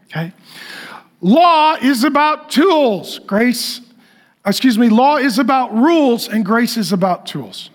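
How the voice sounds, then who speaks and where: A male pastor delivering a sermon in an emphatic, repetitive preaching style that swings from loud to hushed. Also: very high voice, lively intonation, slow pace.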